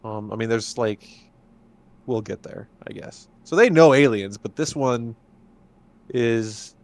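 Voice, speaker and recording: A man's voice: mid-range voice, takes it slowly. A man co-hosting a podcast, chatting casually and adding wry asides to an episode recap. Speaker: podcast co-host.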